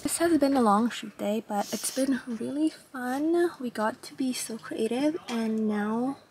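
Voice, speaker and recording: A woman's voice: a little high, unhurried, noisy background. A young woman vlogging in a chatty, upbeat, casual way, full of fillers. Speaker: lifestyle vlogger. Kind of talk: casual vlog chat. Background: music.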